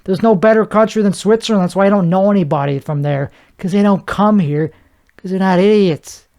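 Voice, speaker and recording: A man's voice: sits high, fairly quick, a little mellow. A man hosting a solo podcast, riffing comedically in a rambling way, with stammered restarts and mouth sound effects. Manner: frequent restarts and stammered repeats. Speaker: podcast host.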